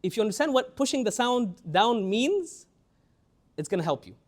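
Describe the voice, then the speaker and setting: With a very high-pitched voice, a young man runs an animated tajweed class. He tends to repeat words and stops to chant slow example phrases.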